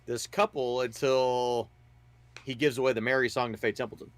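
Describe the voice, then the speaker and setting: A man's voice: mid-range voice, steady tone, normal speed, no echo. Casual podcast guy, very dry sound. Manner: casual, swearing, hedging with "like". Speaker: podcast co-host. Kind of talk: casual movie review chat.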